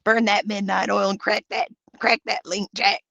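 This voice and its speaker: A man's voice: high voice, flat delivery, normal speed, creaky, pushed and bright, no room sound, dull audio. A man hosting a livestream, reading out and answering viewer comments in brash, profane, campy banter. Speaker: livestream host.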